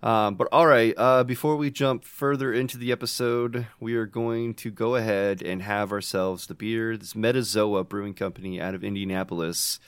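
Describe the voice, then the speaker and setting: A relaxed young American man with a fairly low voice, hosting a casual podcast and chatting loosely with a friend. He jokes around and laughs easily. The sound is dry and close, with no room echo. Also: normal speed, few pauses, clean tone. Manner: laid-back, joking, giggly. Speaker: podcast co-host. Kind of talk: casual beer-drinking podcast chat.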